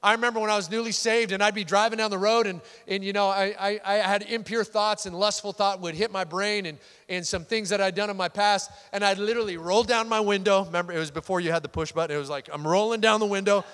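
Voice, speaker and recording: Loud, excitable male pastor in a reverberant hall. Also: high voice, fast, few pauses, smooth. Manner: loud, excitable, animated preaching with many restarts. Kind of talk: sermon. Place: church sanctuary.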